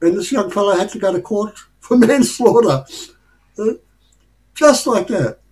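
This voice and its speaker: An Australian man with a high-pitched, somewhat mellow voice and lively intonation speaks unhurriedly on a low-quality recording. Chuckling often, he rambles through casual stories sharing life lessons.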